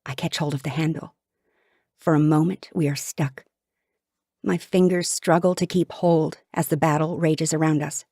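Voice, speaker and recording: Low-voiced woman reading a dramatic audiobook. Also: steady tone, moderate pace, dark tone, dry recording, studio quality. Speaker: audiobook narrator. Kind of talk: scripted first-person audiobook narration.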